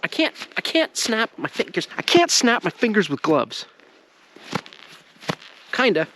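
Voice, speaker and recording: Lively-voiced man rambling in the woods. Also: mid-range voice. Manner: jokey, rambling, laughs often. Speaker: vlogger. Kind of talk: casual outdoor vlog. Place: snowy woods outdoors.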